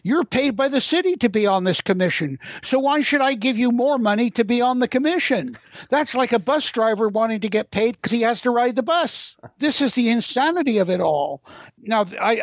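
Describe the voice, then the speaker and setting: Older man with a wry, high voice. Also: no echo. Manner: wry, anecdotal, opinionated. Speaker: guest. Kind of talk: interview conversation. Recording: dull, dry lo-fi sound.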